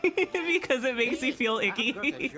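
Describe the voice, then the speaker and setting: A woman's voice: high-pitched, expressive, slow pace. Woman streaming a game, rambly and giggly, faint music behind her. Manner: rambling, giggly, self-deprecating. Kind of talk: casual chat while gaming.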